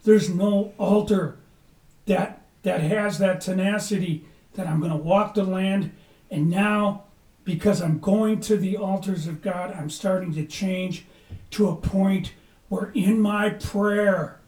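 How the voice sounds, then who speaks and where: A man preaching a sermon with passion, rising to loud urgency and dropping to a hush. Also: sits high, fairly even intonation, takes it slowly. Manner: impassioned, swings from loud to hushed. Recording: echoey room, mic at a distance.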